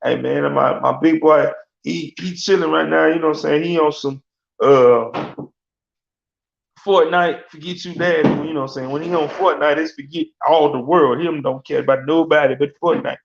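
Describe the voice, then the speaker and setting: A man rambles through a casual sports rant, full of slang and quick laughs. His voice is gravelly and sits slightly high. The recording is roomy and echoey, with a muffled, lo-fi tone. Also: steady tone, a little hiss or hum. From Alabama. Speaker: sports talk host. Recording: echoey room, dull lo-fi sound.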